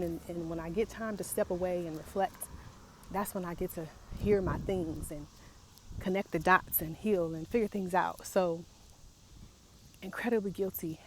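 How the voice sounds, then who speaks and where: A young woman with a fairly low voice talks through hard feelings in a raw confessional vlog. She speaks in a halting, emotional way and often circles back to repeat herself. Faint insect sounds drift in from outdoors behind her. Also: a little mellow, slight background noise. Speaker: vlogger.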